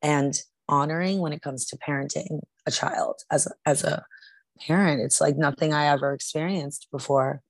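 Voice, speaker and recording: A middle-aged woman with a low, deep voice tells a story in a relaxed, conversational way. She is earnest and often restarts her sentences. The sound is close and dry, with no room around it. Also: moderate pace, no echo. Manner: earnest, with frequent restarts and filler. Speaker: podcast co-host.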